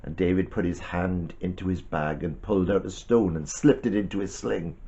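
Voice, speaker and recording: A man telling a Bible story to a child in a gentle, animated way with chatty asides. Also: deep voice, moderate pace, lo-fi sound.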